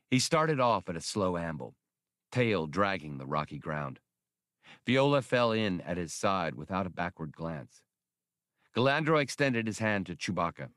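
Low-voiced male audiobook narrator. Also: very animated, normal speed, fairly bright tone, no echo, studio quality.

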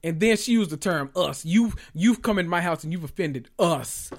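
A man hosting a podcast, recapping reality TV in a loud, profane, animated way with sudden high squeals. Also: moderate pace. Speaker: podcast host.

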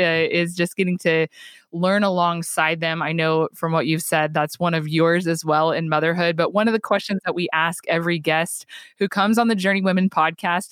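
A woman's voice: lowish voice, fairly bright tone, clean tone, dry recording. A young adult woman hosting a podcast interview, upbeat and affirming as she chats with her guest. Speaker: podcast host.

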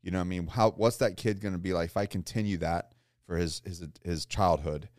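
A man's voice: deep voice, fairly quick, darkish tone, no room sound, clean studio sound. A man hosting a podcast, asking long, rambling questions in casual talk and often repeating himself. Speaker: podcast host.

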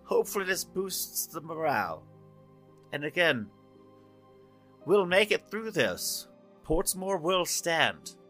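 A man's voice: on the high side, sing-song, fairly bright tone, soft background music, pitched above the performer's own voice, heavily acted. Man voicing a nervous small-town leader. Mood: rallying. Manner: halting, anxious, repeats himself.

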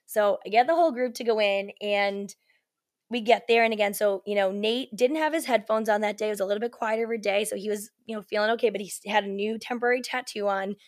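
A woman telling a story as a podcast guest, in a chatty, animated way full of "like" and "you know", acting out what people said. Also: mid-range voice, fast talker. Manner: animated, acts out quoted lines. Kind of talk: casual storytelling chat.

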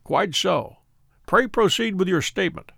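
A man reading the part of a calm, incisive male detective who questions a client in brisk, probing lines. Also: high-pitched, vocal fry, no room sound, clean studio sound, heavily acted. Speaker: audiobook reader. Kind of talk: storybook reading.

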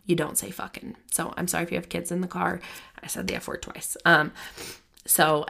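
A woman's voice: on the low side, gravelly. A woman in her thirties hosting a podcast, talking casually and self-deprecatingly, with many restarts. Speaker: podcast host.

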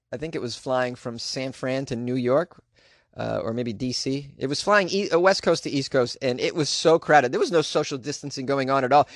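A man's voice: mid-range voice, no echo, clean studio sound. A man hosting his own podcast, chatting casually with sarcastic asides and plenty of fillers. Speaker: podcast host. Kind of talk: casual solo podcast chat.

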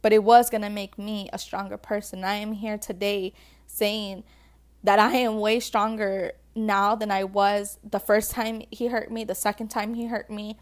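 Speaking at normal speed in a mid-range voice with little pitch movement, this woman vlogger offers relationship advice to her audience. Her casual, heartfelt talk is chatty and emotional, packed with "like," and she addresses viewers as sis and babe.

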